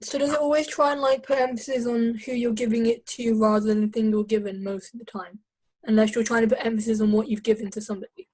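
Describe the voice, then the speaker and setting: Female student, slightly high, unsure, thinks out loud. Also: steady tone, fast talker, low-quality recording. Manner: hesitant, thinks aloud with restarts. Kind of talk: online tutoring lesson.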